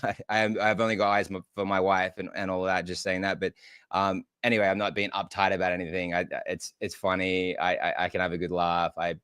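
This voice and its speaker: Earnest guest from Australia, smooth low male voice, dry close mic. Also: level tone, fairly quick, a bit bright, dry recording. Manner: earnest, stumbles and restarts, laughs easily. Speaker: podcast guest. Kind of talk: casual interview chat.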